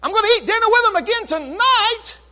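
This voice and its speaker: A preacher doing a boastful scheming advisor. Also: male voice, very high-pitched, lively intonation, pushed and bright, in a large hall, voice pushed up, exaggerated voice. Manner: quick, self-satisfied boasting.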